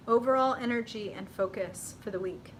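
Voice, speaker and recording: A woman hosting a live tarot reading stream, chatty and excitable, with lots of fillers and laughter. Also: on the high side, moderate pace, a little hiss or hum.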